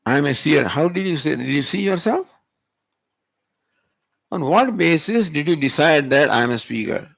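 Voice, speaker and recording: A man's voice: fairly high pitch, expressive, moderate pace, gravelly, long pauses, fairly bright tone, no room sound. A male spiritual teacher, giving a Vedanta discourse and pressing the listener with rhetorical questions. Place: retreat hall.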